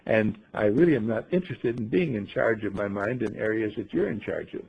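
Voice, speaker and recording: A man voicing a wise male talking bird in a told story, speaking in a patient, gently lecturing way. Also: lowish voice, expressive, brisk, gravelly, slightly rough, highs cut off, pitched below the performer's own voice, exaggerated voice. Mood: explaining.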